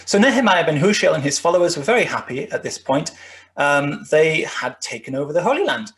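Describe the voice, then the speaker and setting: His voice runs on the high side, swinging widely in pitch, a little fast and fairly bright in tone. As a guest lecturer presenting history with slides, he rambles with many fillers and restarts.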